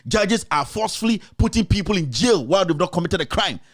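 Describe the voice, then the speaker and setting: Passionate Ghanaian man, high-pitched rant. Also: animated, fast talker. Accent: Ghanaian English. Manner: passionate, repetitive, rhetorical, addressing critics directly. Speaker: talk show host. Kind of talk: impassioned political commentary.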